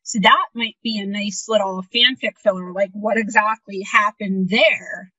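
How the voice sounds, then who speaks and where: Bright-voiced exasperated woman, dry lo-fi. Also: medium pitch, steady tone, a little slow, no room sound. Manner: incredulous, exasperated commentary. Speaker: podcast co-host. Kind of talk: casual fan discussion. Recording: dry, dull lo-fi audio.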